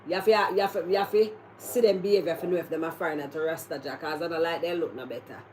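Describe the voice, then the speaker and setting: A Jamaican woman hosts a relaxed conversation, spinning lively stories and breaking into laughter as she goes. Her voice sits a little low for a woman. A faint hum of noise runs underneath. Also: very fast. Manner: animated storyteller, laughs often. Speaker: host. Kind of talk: casual chat, storytelling.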